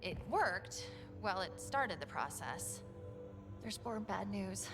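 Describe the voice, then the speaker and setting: A woman voicing an eager, chatty female AI companion in a video game, talking brightly and playfully. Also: mid-range voice, big pitch swings, takes it slowly, music in the background. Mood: confident.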